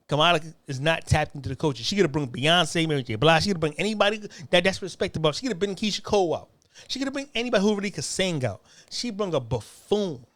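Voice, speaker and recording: High-pitched, animated man ranting. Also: fast talker, no room sound. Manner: animated, crude and heated, stammers repeated words. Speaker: political commentator. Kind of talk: profane political rant.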